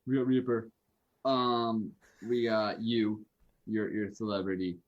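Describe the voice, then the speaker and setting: A man's voice: on the low side, little pitch movement, slow. A man on a casual podcast chat, talking in an easygoing, upbeat way. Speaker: guest general. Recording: dull lo-fi audio.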